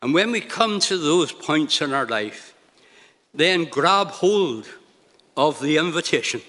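A man preaching a sermon in a slow, deliberate, emphatic way. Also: a little high, animated, bright, forceful tone, long reverb tail.

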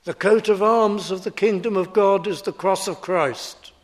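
A man in his seventies preaching a sermon in a slow, deliberate, emphatic way. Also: sits high.

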